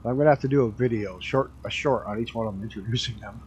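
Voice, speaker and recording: A man's voice: medium pitch, quick pace, a little mellow, slight background noise, rough recording. A man streaming a flight game, chatting casually and rambling through stories with the odd swear word. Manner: laid-back rambling storyteller, swears casually.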